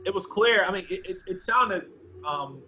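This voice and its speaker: A man teaching a group bass class over a video call, thoughtful and often restarting phrases while he searches for words. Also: lively intonation, moderate pace, pushed and bright, slight background noise, rough recording.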